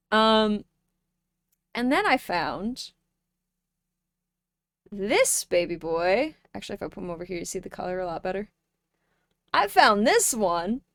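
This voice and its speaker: A young woman streamer chatting casually with her viewers, playful and joking, with sudden loud bursts. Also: medium pitch, dry recording, clean studio sound. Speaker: live streamer.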